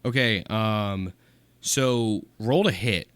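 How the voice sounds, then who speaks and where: A man's voice: lowish voice, takes it slowly, fairly bright tone, smooth, dry recording. A man narrating a tabletop game as game master, hesitant, with many fillers. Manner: hesitant, many ums and likes.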